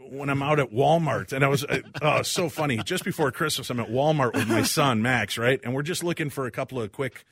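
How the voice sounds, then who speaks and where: A man hosting a studio talk show, telling funny stories in a casual, lively way and acting out other people's lines. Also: mid-range voice, fairly quick, gravelly, hardly any pauses, slightly rough. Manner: animated storyteller, acts out quoted voices. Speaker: radio host.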